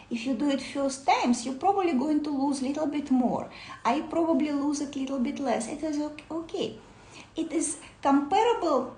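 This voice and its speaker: A woman meditation teacher talking to camera in a lively, playful way, acting out her students' complaints. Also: high voice, reverberant, poor audio.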